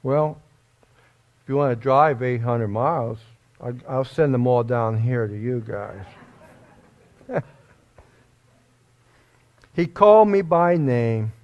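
A man preaching a sermon in a church, giving an emotional testimony that rises suddenly into loud, high bursts. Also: lively intonation, slow pace, long pauses. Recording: dull lo-fi recording.

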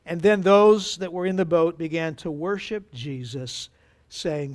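A pastor preaching a sermon to his congregation, with dramatic pauses and acted-out quotes. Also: fairly high pitch.

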